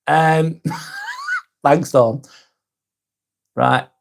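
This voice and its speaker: A man's voice: fairly high pitch, huge pitch swings, extremely slow, vocal fry, slight background noise. A young man from the north of England chats loosely on a live stream, reading comments aloud and joking with viewers. His accent is broad Northern English, his tone tired but playful, with casual swearing.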